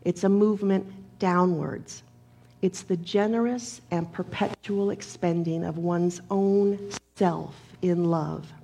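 A woman preacher delivering a sermon in a measured, emphatic manner, leaning on repeated phrases and a gravelly voice. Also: lowish voice, steady tone, warm tone, slight background noise.

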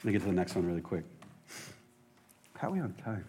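Excitable rambling male pastor. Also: deep voice, quick pace, slight background noise. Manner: excitable, rambling, self-deprecating. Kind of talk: casual sermon.

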